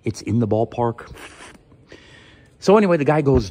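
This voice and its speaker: A man in his workshop telling a casual, animated story and acting out what other people said. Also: moderate pace, a little hiss or hum. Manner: animated, quotes others with pitch jumps. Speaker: vlogger in his shop.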